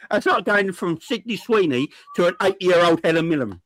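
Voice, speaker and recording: A man's voice: sits high, brisk, slight background noise. A man, ranting jokily and heatedly as a football fan pundit on a match reaction show. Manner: animated, exasperated, jokey rants.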